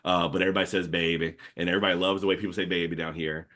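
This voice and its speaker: Deep-voiced New Orleans man, rambling. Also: rapid-fire. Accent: New Orleans Yat. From New Orleans area. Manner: rambling, animated storytelling with many fillers. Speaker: comics artist guest. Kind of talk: casual podcast chat.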